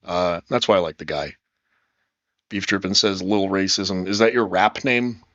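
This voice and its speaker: A man's voice: low-pitched, normal speed, a bit bright, no echo. Upbeat rambling man on a dull, dry mic. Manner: upbeat, rambling, swears freely. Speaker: livestream host. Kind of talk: casual livestream chat.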